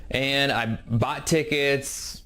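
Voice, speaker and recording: Male podcast host, mid-pitched, candid and reflective storyteller. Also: steady tone, very slow, bright, forceful tone, smooth. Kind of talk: personal storytelling monologue.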